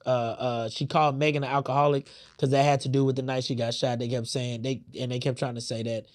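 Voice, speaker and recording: A man's voice: mid-range voice, flat delivery, fast. A man hosting a podcast, giving heated, profane commentary with lots of fillers. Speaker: podcast host. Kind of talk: casual opinion commentary.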